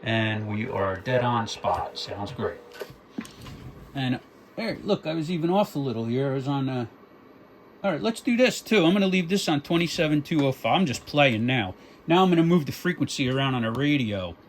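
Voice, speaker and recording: A man's voice: mid-range voice, sing-song, normal speed, a little hiss or hum. A man casually demonstrating a radio, talking through his settings and counting test words into the mic. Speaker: radio equipment reviewer. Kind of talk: casual demo talk.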